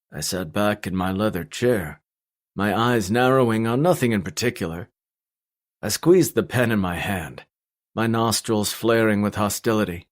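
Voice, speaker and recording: Low-voiced man narrating an audiobook. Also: moderate pace. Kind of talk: first-person audiobook narration.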